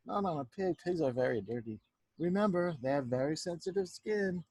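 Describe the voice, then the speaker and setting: A male teacher reading a picture book aloud to children on a home video, chatty and animated, often stopping to talk to the kids about the pictures. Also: on the high side, moderate pace, breathy edge, dry recording. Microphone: home video recording.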